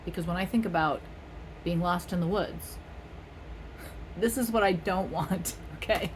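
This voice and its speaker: A woman's voice: fairly low pitch, a little slow, slight background noise. A middle-aged woman from California giving a casual tarot reading, playful and rambling with frequent laughs. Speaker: tarot reader.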